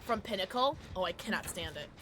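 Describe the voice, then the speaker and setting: A young woman streaming a game, chatting with viewers casually, jumpy and excitable, swearing and shrieking when scared. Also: mid-range voice, a little fast, background noise. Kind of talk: casual gaming livestream chat.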